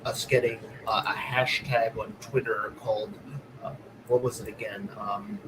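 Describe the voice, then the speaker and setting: A man on a political voice call, talking in an exasperated, halting way with much swearing. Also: on the low side, level tone, noisy background. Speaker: voice-call guest. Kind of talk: casual political voice-call chat.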